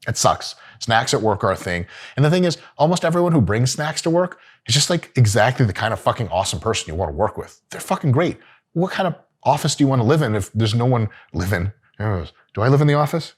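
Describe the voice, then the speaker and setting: A middle-aged man hosting, giving profane, joking diet advice with bursts of mock outrage. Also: mid-range voice. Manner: brash, swearing, jokey, swings into mock outrage. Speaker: host. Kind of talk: profane comedic advice talk.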